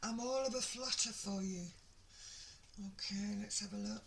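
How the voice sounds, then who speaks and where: A woman giving an excitable, gushing tarot reading, full of exclamations and sighs. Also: medium pitch, a little slow, pauses often, slight background noise, low-quality recording. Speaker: tarot reader.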